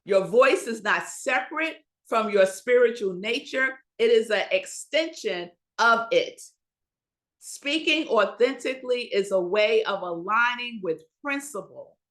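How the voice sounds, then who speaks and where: A woman minister preaching a Sunday sermon, slow and emphatic, asking the congregation rhetorical questions and pausing for effect. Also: a little high, expressive, fairly bright tone.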